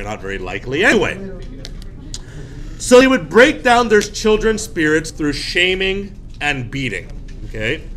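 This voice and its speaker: Guy teaching history to a class, jokes around, does voices, bright sharp voice, a bit of room hiss. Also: high voice. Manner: lively, jokey, acts out voices.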